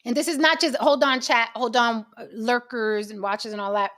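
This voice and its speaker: Lady hosting a livestream, kinda high voice, blunt, swears a lot, chatting with her viewers. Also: fairly even intonation, moderate pace, fairly bright tone. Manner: blunt and profane, talks to chat. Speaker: livestream show host. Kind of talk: casual livestream chat.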